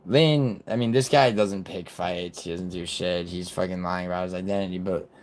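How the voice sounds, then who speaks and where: Low-voiced guy on a stream, blunt and sweary, mocking what he's watching. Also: fairly even intonation, normal speed. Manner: blunt, profane, scornful. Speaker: streamer reacting to videos. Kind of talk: casual live-stream commentary.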